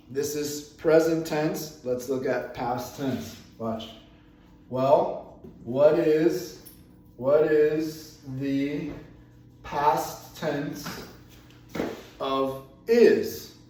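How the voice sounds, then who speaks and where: A man leads a grammar lesson with a slightly high, unhurried voice, repeating phrases as he works through examples. He is picked up from a distance in a very echoey classroom, with faint room ambience underneath. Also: a little mellow, slight background noise. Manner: slow, repeats phrases, moves around the room. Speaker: English teacher. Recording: echoey room, voice from away from the mic.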